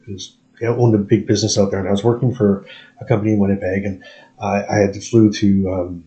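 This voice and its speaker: A man's voice: fairly low pitch, level tone, fast talker, mellow, lo-fi sound. A man from Canada telling rambling stories in casual chat, restarting sentences and laughing often.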